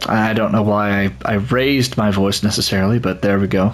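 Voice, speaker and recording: A man's voice: lowish voice, steady tone, moderate pace, hardly any pauses, soft background music. A man hosting a let's play and commenting on a video game in a rambling way, with lots of restarts. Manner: rambling, with many restarts and laughs. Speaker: gaming channel host.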